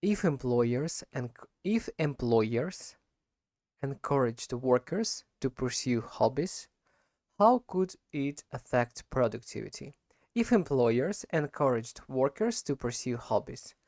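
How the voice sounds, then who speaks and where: A man who is not a native speaker of English, talking his way through practice questions, halting and correcting himself as he goes. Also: medium pitch, sing-song, creaky, a little mellow, no room sound, clean studio sound. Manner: halting, frequent self-corrections and repeats. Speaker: language learner practicing speaking. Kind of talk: unscripted spoken practice monologue.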